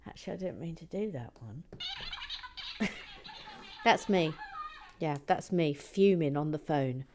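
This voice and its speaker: A woman hosting a building video, chatting casually and self-mockingly, often dropping into a hushed whisper and stumbling over words. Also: low voice, expressive, slow pace, long pauses, heavy background noise. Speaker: host of a brick-building channel. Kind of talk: casual chat while building.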